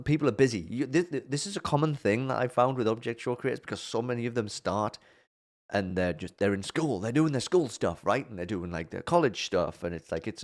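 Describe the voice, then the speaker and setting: Brief: male host, lowish voice, casual gushing chat, rambles and restarts. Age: adult parent of a twelve-year-old. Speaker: object show reviewer and host.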